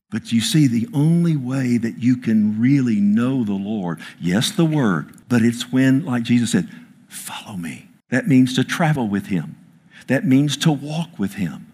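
A man's voice: mid-range voice, a little mellow, breathy edge. A man preaching a sermon to a congregation from a stage, emphatic, quoting scripture and calling out for amens. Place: church before a congregation.

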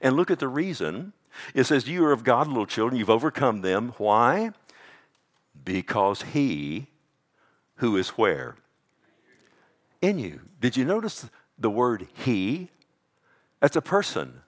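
A man preaching a sermon in an animated, swinging delivery. He punches key words loudly, then drops to an intense hush. He keeps checking in with the congregation as he goes. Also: mid-range voice, unhurried. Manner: animated preaching, swinging from loud emphatic bursts to hushed intensity; calls out "Amen?" to the congregation. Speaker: pastor.

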